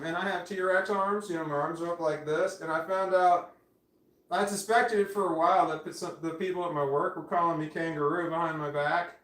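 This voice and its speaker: A man's voice: fairly high pitch, a bit bright. Rambling, swearing man in his forties. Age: 40s. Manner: rambling, swearing, self-interrupting. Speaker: livestreamer. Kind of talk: casual livestream chat. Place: indoors at home. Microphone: phone camera. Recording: echoey room, off-mic.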